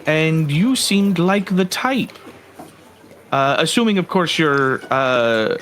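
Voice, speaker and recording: A man's voice: on the high side, expressive, takes it slowly, a bit bright, slight background noise, voice pushed up. Brief: man voicing a nervy, friendly satyr with a lifted voice in a tabletop game. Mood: eager. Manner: fumbling and apologetic, trailing off. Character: eager, overly friendly satyr with goat eyes.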